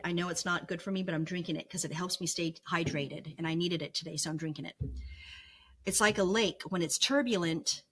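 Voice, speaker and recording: A middle-aged woman speaks to camera in a reflective vlog, her voice sitting a little low. She teaches in an earnest, coaching way, circling back to the same phrases. She often checks in with a quick "right?". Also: fairly bright tone. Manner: earnest, repetitive, coaching tone with frequent "right?" asides. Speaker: vlogger sharing her recovery lessons.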